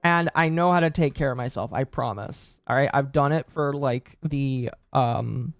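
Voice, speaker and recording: Soft background music plays under a clean, dry studio recording of a man in his late twenties chatting on stream. He answers chat at a moderate pace in a medium-pitched voice, rambling, chuckling and correcting himself.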